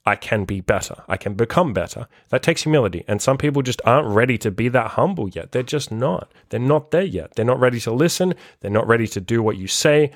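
A man's voice: mid-range voice, expressive, brisk, few pauses, no echo, clean studio sound. Blunt, swearing male podcast coach. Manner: blunt and emphatic, swears freely. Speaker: podcast host and life coach. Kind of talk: solo motivational podcast monologue.

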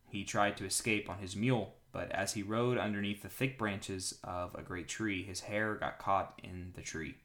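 A man with a fairly low voice reads scripture aloud in an earnest, measured way. Now and then he stops to reflect in a gentler, conversational tone with soft fillers, like a Bible reading podcast host.

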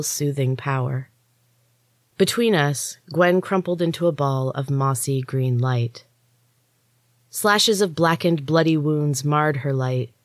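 A woman storyteller and author giving a steady, expressive first-person audiobook reading into a close mic. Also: deep voice, dry recording. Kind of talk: scripted audiobook narration.

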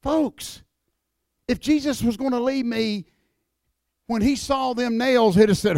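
An older man, a former wrestler speaking in a church, emphatic and folksy, dropping to a hushed voice in prayer. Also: very high-pitched, a little slow, pauses often, dry recording, clean studio sound. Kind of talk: evangelistic church talk.

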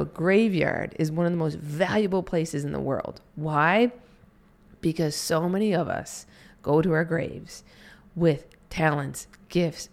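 A woman's voice: sits low, creaky, a little mellow. A woman hosting a podcast, giving an earnest, encouraging motivational talk and now and then acting out little quoted scenes. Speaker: podcast host and coach. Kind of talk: motivational monologue.

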